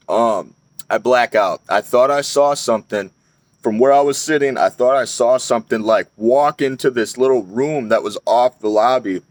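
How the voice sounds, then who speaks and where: A man's voice: medium pitch, normal speed, no echo. A young man telling a personal story in a casual, rambling way, swearing often and restarting his sentences. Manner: rambling, profane, frequent fillers and restarts.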